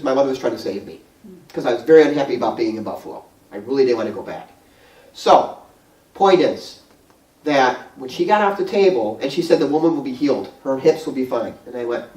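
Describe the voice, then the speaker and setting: A man with a New York accent telling a long, animated story to a small group, rambling with restarts and laughter. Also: mid-range voice. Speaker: guest speaker. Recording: roomy hall, mic far off.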